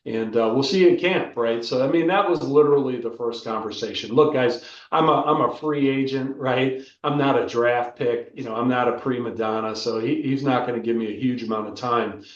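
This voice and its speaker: An older American man, a former football player, telling animated stories in a casual interview and often asking "right?". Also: mid-range voice, brisk, few pauses, recorded from a distance. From United States. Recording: roomy, dull lo-fi sound.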